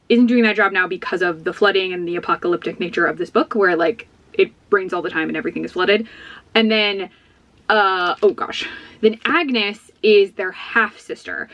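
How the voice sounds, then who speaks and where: A woman's voice: medium pitch, no room sound. A woman book vlogger chatting casually, whispering in a library and then talking upbeat about a book. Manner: whispering softly on a library walk. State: out of breath. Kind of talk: casual vlog chat. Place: public library.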